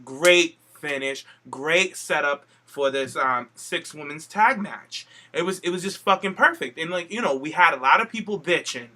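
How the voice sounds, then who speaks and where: Guy cohosting a podcast, kinda high bright voice, animated, swears a lot, acts out quotes. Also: moderate pace, hardly any pauses. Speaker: podcast co-host. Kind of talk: casual chat.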